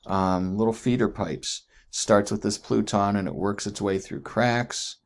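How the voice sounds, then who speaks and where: A man's voice: lowish voice, steady tone, a little slow. A man teaching geology in a chatty recorded lecture, often asking "right?" and correcting himself as he goes.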